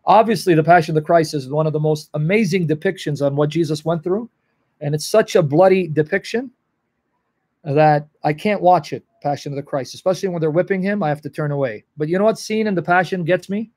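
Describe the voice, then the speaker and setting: A man's voice: fairly high pitch, brisk, darkish tone. A man teaching the Bible on a livestream, earnest and emotional, answering viewers in the chat by name.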